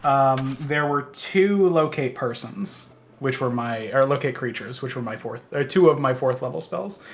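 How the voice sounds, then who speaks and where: A man playing in a tabletop game, halting and thinking aloud as he works out his turn. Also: mid-range voice, expressive. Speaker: player. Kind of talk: casual tabletop play.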